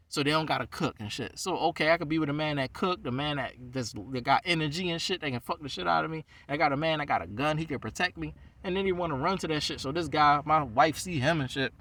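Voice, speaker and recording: A man's voice: on the high side, quick pace, hardly any pauses, fairly bright tone, recorded from a distance. A man who is a rabbi, venting in a heated, profane monologue. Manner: heated, ranting, heavy swearing.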